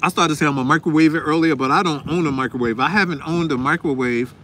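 High-voiced chatty man. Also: fast talker, fairly bright tone. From Newark, New Jersey. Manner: chatty, talks straight to viewers, talks while chewing. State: slightly sniffly. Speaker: vlogger. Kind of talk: casual food vlog. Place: outdoors in a windy parking lot. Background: faint wind noise.

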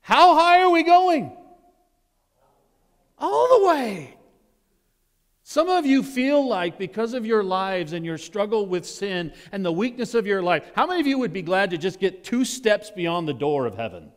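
Man, pastor from Nevada, preaching with animated storytelling, somewhat high voice, echoing church hall. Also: normal speed, hardly any pauses. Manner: animated storytelling, swings from loud exclaims to hushed asides. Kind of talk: sermon. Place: church sanctuary with congregation. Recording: long hall reverb in a church.

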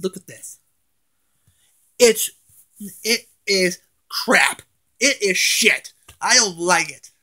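His high, sharp voice is animated but unhurried, with long pauses. Ranting angrily in a casual vlog at home indoors, the man swears and frequently stammers and restarts.

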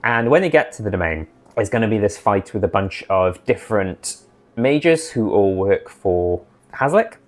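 A man recapping his tabletop campaign as dungeon master, in a chatty, animated way. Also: on the low side, moderate pace.

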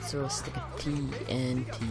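A man's voice: mid-range voice, steady tone, moderate pace, over loud music. A man hosting gameplay commentary, who jokes playfully and talks back to the game. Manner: playful, jokey, talking to the game. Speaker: gaming host.

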